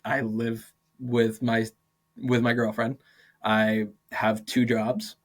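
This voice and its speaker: A man's voice: mid-range voice, takes it slowly. Chatty young man telling teaching stories. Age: 20s. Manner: animated, acts out quoted dialogue, many "like" fillers, laughs often. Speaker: podcast guest, martial arts and PE teacher. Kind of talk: casual interview storytelling.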